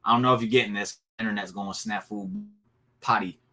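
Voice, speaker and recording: Man, wrestling recap host, bright forceful voice, animated and casual, home stream mic. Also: on the low side, a little fast, vocal fry, soft background music. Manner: excited, animated storytelling with laughs and asides. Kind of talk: casual solo recap talk.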